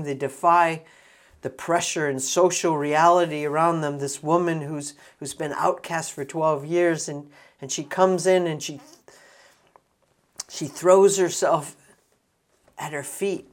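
A preacher giving an earnest sermon, often restarting phrases and swelling for emphasis. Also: mid-range voice.

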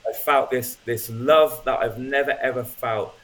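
A man shares his own story as a guest speaker, unhurried and conversational. His telling is loose and natural, with frequent ums and little restarts, and his voice sits in an ordinary middle pitch. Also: fairly even intonation, fairly bright tone, a little hiss or hum. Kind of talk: personal testimony, casual storytelling.

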